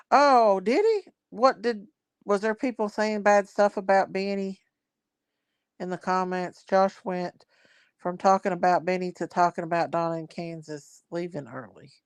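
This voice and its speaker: Woman livestream host, casual chat, clean smooth tone, mid pitch. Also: no room sound. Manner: chatty, reads viewer comments aloud, Southern-style grammar.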